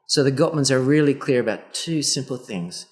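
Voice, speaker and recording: A man's voice: medium pitch, normal speed. A man, a therapist guest on a casual podcast, animatedly acting out the voices in quoted exchanges. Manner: animated, acts out quoted dialogue.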